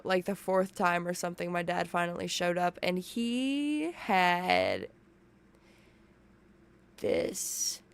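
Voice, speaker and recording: A woman's voice: on the low side, clean tone. A woman commenting on a livestream while she recounts a painful family memory, talking in an emotional, profane, rambling way from a room at home. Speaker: commentary streamer. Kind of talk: casual reaction commentary. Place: home room with open window.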